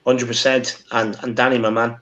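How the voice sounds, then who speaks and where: A man with an Irish accent hosting a casual fan live stream, upbeat and shouting out viewers. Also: mid-range voice, level tone, moderate pace. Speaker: stream host. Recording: dull lo-fi stream audio.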